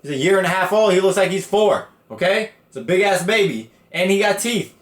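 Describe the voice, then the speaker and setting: A man's voice: high-pitched, lively intonation, a little fast. A man hosting a podcast, telling a story in casual, profane slang and acting out the people in it with a raised voice. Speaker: podcast host. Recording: echoey room.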